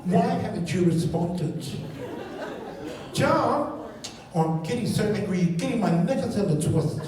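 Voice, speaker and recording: A man voicing a prim, exasperated suburban mother scolding her son, in a prissy, drawn-out manner. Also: high voice, expressive. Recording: echoey venue, distant mic, noise.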